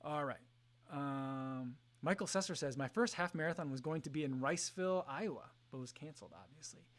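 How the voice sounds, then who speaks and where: A man in his thirties hosting a casual livestream, reading chat messages aloud with frequent ums and soft laughs. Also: fairly high pitch, a little fast. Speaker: livestream host.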